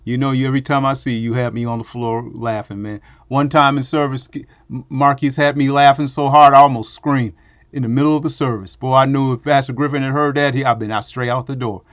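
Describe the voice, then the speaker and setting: A man's voice: medium pitch, steady tone, brisk, no echo. A middle-aged man giving a rambling, emotional spoken tribute to friends and family. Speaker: bass player giving thanks.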